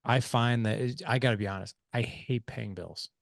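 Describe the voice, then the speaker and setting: A man in his forties hosting a podcast interview, telling stories in an emphatic, animated way. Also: mid-range voice, moderate pace, vocal fry, dry recording, studio quality. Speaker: podcast host. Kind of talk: conversational interview.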